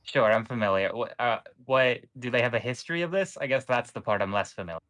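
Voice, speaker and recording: A man co-hosting a casual group chat, making dry, deliberate remarks. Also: mid-range voice, fairly bright tone. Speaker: co-host.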